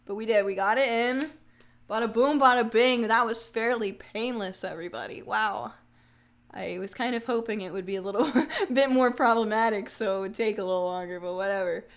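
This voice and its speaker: At a fairly quick pace and medium pitch, a young livestream host chats casually with her viewers. She jokes, answers their comments on the fly, laughs readily, and drops playful asides.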